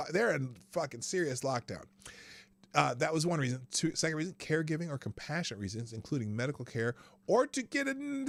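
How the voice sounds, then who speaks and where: A man hosting a live news commentary stream, ranting sarcastically, swearing freely and laughing between sentences. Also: mid-range voice. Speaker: show host.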